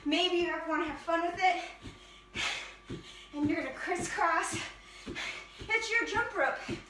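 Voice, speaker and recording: A woman leading an energetic yoga fitness class, cheering and counting down reps, slightly out of breath. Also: very high-pitched, slow, background noise. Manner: upbeat, encouraging, counts down reps. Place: yoga studio. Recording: echoey room from a distance.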